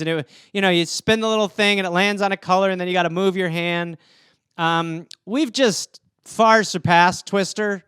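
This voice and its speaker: A man's voice: high-pitched, fairly bright tone, clean tone, no echo, studio quality. A man hosting a podcast solo, riffing comedically through listener topics and slipping into goofy character voices.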